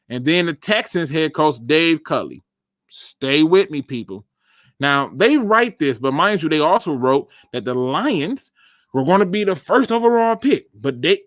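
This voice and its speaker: A man hosting a casual sports fan show, talking straight to viewers with emphatic, animated commentary. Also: a little high, no echo, clean studio sound. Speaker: sports podcast host.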